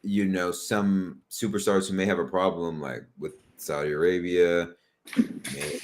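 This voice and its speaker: A man's voice: low-pitched, level tone, measured pace, a little hiss or hum. A man hosting a podcast in casual chat, joking and riffing.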